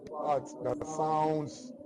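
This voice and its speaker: A man with a Nigerian English accent teaching a literature lesson, speaking slowly and repeating each definition several times. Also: fairly high pitch, little pitch movement, crowd noise, low-quality recording. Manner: slow and repetitive, restating definitions. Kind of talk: classroom lecture.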